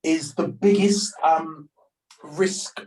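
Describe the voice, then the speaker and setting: A man's voice: fairly high pitch, darkish tone. A man casually chatting about trading with a friend, stumbling over words and restarting often. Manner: halting, many restarts, says "bro". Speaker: trader. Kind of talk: casual chat.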